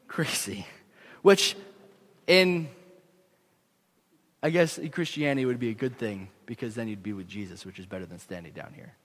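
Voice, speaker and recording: A young man preaching a sermon in a church, earnest and animated, poking fun at himself. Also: on the high side. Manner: earnest, animated, self-deprecating. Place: church sanctuary. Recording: long echo of a large hall.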